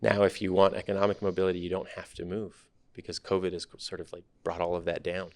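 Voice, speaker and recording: As a guest on a podcast, this thirtysomething startup CEO recounts his story with relaxed, candid thoughtfulness. He talks quickly in a low voice, and there's no room sound.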